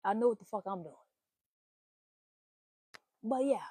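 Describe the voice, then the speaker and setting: Animated, blunt woman with a mellow voice. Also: on the high side, measured pace, husky, no echo. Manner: animated, swearing, playful exclamations. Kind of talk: casual spiritual reading monologue.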